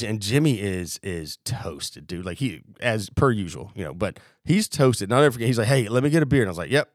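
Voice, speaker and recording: A man's voice: fairly low pitch, dry recording, studio quality. A young man casually telling a wild story on a podcast, swearing freely and acting out what people said. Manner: animated, profane, acts out quotes. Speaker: podcast co-host.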